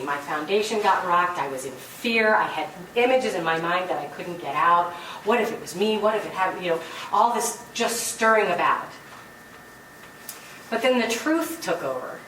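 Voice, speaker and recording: An earnest woman gives a spiritual talk, her voice set a little low and picked up from some distance. The room is echoey, with a faint hum of ambience behind her. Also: fairly bright tone. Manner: earnest and storytelling, with light laughs. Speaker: spiritual speaker. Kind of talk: inspirational talk to a gathering. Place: meeting room. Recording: roomy hall, distant mic, faint ambience.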